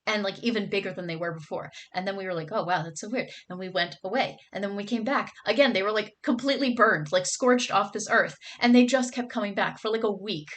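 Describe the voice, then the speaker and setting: Young woman streamer, casual chat with viewers, gushing and bubbly, mid pitch. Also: quick pace, few pauses, fairly bright tone. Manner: bubbly, gushing, lots of "like" and "oh my god".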